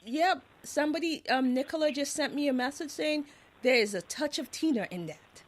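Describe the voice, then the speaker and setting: A woman's voice: high voice, moderate pace. A woman hosting a show, chatting in an enthusiastic, gushing way. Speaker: show host. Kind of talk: casual interview chat.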